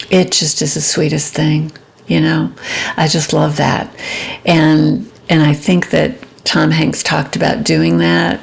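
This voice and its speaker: A woman giving relationship advice to camera in a soft-spoken, reflective way, pausing often with ums. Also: sits low, creaky, slightly rough. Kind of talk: reflective personal talk to camera.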